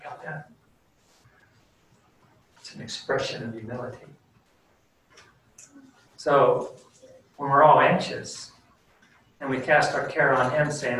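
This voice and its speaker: A man's voice: mid-range voice, fairly even intonation, a little slow, long pauses, a bit bright. A man preaching a sermon as pastor in an earnest, conversational, plain-spoken way, then leading a prayer. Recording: very echoey room, distant mic, faint background noise.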